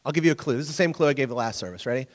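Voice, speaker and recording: Joking pastor in a reverberant hall. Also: male voice, mid-range voice, lively intonation, rapid-fire. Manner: conversational, asks the audience questions, joking. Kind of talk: casual teaching sermon.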